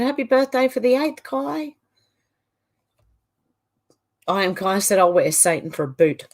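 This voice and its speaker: A woman's voice: mid-range voice, a little mellow. Middle-aged aussie woman reading out her live chat, chatty, trails off and restarts a lot. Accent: Australian. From Australia. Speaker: livestream host.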